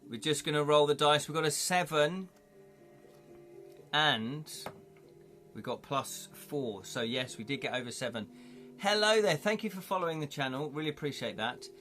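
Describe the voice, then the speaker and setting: A man's voice: on the high side, moderate pace, a bit bright, soft background music. A jovial man hosting a live stream, narrating an interactive game story and chatting with viewers. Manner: jovial, chatty, reads chat aloud. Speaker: streamer running an interactive gamebook.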